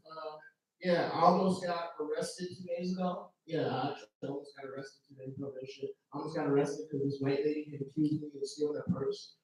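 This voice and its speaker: A man with a high voice tells stand-up jokes in a loose, slangy way, bursting into loud mock singing. He sounds far from the mic. The club echoes heavily around him. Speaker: stand-up comedian. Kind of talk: stand-up set. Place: comedy club stage. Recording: roomy club echo, distant mic.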